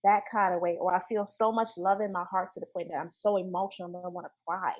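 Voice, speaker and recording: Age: adult. Sex: woman. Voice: lowish, earnest and emphatic. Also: fairly even intonation, fast, rough recording. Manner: earnest, emphatic, repeats key phrases. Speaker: interview guest. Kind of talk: casual spiritual conversation.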